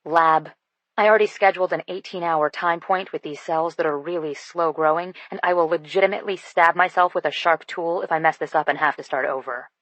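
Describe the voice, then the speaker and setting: A woman voicing a nervous, awkward young woman scientist who speaks in quick, flustered bursts. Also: deep voice, steady tone, a bit bright, no echo.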